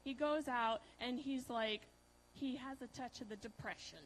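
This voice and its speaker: A woman preaching in a relaxed, conversational way, tossing questions to her listeners and leaning on fillers. Her voice sits a little high. She jumps from bright, loud emphasis down to near-hushed lines. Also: moderate pace, slight background noise, poor audio. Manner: chatty, asks the audience questions, many fillers. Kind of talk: conversational sermon.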